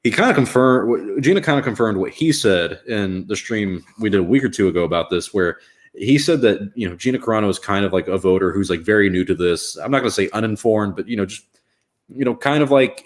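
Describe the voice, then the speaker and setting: A man's voice: lowish voice, expressive, fast. A young man hosting a live reaction stream, talking casually in a rambling, wry way with lots of fillers. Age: young adult.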